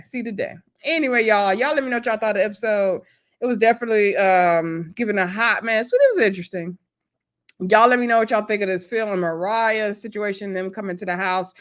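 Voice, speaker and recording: Woman vlogger, chatty and animated, pitched a bit high. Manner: animated storyteller, acts out quotes, laughs often. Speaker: reality TV recap vlogger. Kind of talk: casual episode recap.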